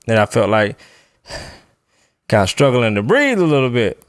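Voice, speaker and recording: A man's voice: mid-range voice, very animated, unhurried, clean tone, no echo, clean studio sound. A man casually telling a long personal story on a podcast, loose and laughing as he goes. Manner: laid-back, laughs while telling a story. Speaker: podcast co-host.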